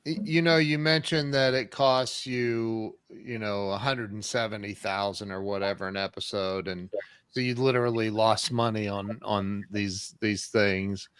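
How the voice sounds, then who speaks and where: A man hosting an interview speaks slowly in a smooth, clear voice. The sound is dry and close, with no room echo, as he asks rambling questions and drops in short reactions. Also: on the low side, fairly bright tone. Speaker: podcast host. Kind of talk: interview chat.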